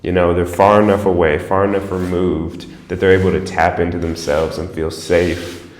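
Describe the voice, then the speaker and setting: Male host, very low voice, relaxed encouraging chat, roomy echo. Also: normal speed. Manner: relaxed, encouraging, many "like" and "you know" fillers. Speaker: podcast host. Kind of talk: casual interview while painting.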